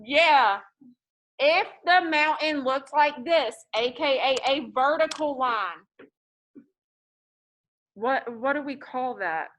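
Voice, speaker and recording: A woman teaching a math class in a classroom, lively and joking as she tells stories to her students. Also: sits high, slow pace.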